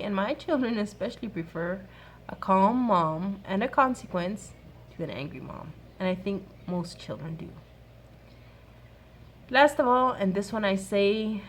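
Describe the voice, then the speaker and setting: A woman in her thirties giving an earnest, soft-spoken faith-based advice talk to other mothers. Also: medium pitch, a little hiss or hum. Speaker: mom sharing a workshop talk.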